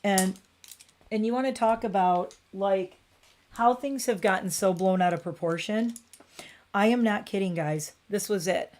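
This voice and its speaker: A woman's voice: mid-range voice, unhurried, darkish tone. A woman in her forties chatting casually on a beauty livestream from her home bathroom, rambling and cooing at her cat.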